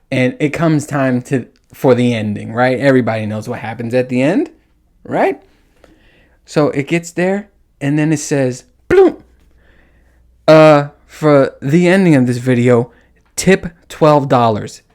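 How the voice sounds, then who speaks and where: A man hosting a podcast, telling a story in a casual monologue, swearing often and acting out his own reactions. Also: medium pitch. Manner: animated, profane, acts out his own reactions. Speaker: podcast host.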